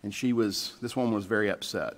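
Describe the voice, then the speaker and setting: A man's voice: on the low side, fast. A man, a pastor, preaching a sermon in a plainspoken, conversational storytelling way. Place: church sanctuary. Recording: church livestream with long reverb.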